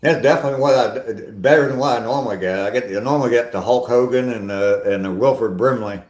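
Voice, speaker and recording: An older man with a mid-range, darkish voice talks fast while hosting a casual live stream on a walk, and the sound is roomy. He reads the live chat and rambles with viewers in a self-deprecating way.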